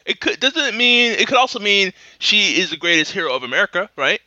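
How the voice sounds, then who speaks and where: A man's voice: sits high, big pitch swings, fairly quick, pushed and bright, no echo, lo-fi sound. A man co-hosting a comedy podcast, teasing the others and laughing often. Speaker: podcast co-host. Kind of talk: casual comedic banter.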